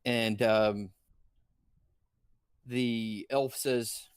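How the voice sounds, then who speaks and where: A man narrating a tabletop game as dungeon master, halting often with fillers. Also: medium pitch, no room sound. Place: indoor stream room.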